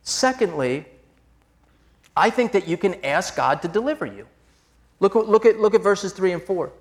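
High-voiced earnest male preacher. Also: expressive, normal speed. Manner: conversational, addresses listeners as "gang"; earnest and confessional, mixing personal stories with scripture. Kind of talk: sermon.

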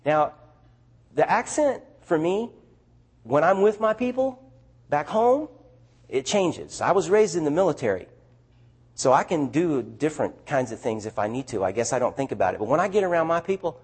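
A man's voice: fairly high pitch, moderate pace, slightly rough. A man with a Southern US accent telling stories to an audience as a missionary speaker, chatty and full of restarts. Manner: animated, chatty storyteller with restarts. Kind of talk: storytelling talk to an audience.

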